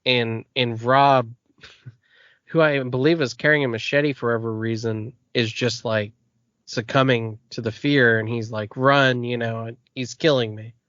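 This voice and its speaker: A man co-hosting a podcast in relaxed casual chat, laughing often. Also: mid-range voice, unhurried, clean tone, dry recording. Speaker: podcast co-host. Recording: dull lo-fi podcast audio.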